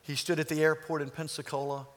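A man in his sixties preaching, telling stories and slowing down on key phrases. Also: a little high, flat delivery, fairly bright tone. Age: 60s. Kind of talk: sermon storytelling.

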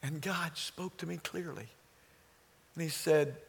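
A man in his sixties preaching, telling stories and slowing down on key phrases. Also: a little high, gravelly. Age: 60s. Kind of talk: sermon storytelling.

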